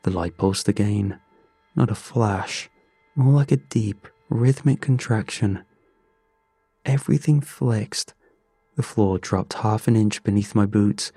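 A man giving scripted horror narration in a slow, measured, grim first-person telling. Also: lowish voice, mellow, no room sound.

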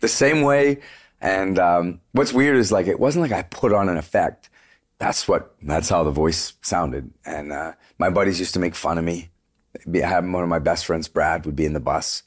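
A man, a singer, chatting casually in an interview, telling animated stories with plenty of "like" and "dude" and the odd swear word. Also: sits low, moderate pace. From Canada. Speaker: guest singer.

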